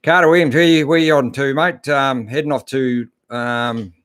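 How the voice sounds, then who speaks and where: A man's voice: medium pitch, fairly even intonation, moderate pace, fairly bright tone, clean tone, no room sound, clean studio sound. A middle-aged Australian man hosting a live-stream chat, laid-back and chatty, greeting viewers and answering their questions with plenty of fillers. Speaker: host.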